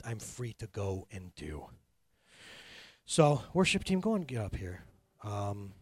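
Animated preaching man, lively pitch. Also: breathy edge, no echo. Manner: animated storytelling, swinging from quiet intensity to loud laughing bursts. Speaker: pastor. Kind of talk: sermon.

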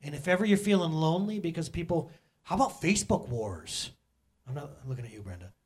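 A middle-aged male pastor telling a personal story in a sermon to his church, animated and self-mocking, often laughing. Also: a little high, fast talker.

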